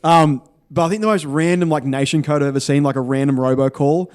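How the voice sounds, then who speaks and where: A man joking around on a podcast. His voice sits somewhat high. He swears freely and slips into silly put-on voices. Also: quick pace, a little mellow, smooth. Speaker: podcast co-host. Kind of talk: casual chat.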